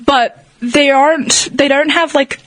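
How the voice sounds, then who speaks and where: A woman's voice: high voice, steady tone, measured pace, a bit bright, no echo. A woman in her twenties with a hybrid Australian-American accent, chatting casually on a podcast and filling her talk with "like". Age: 20s. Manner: rambling, lots of "like" fillers, swears freely. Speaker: podcast guest. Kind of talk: casual chat.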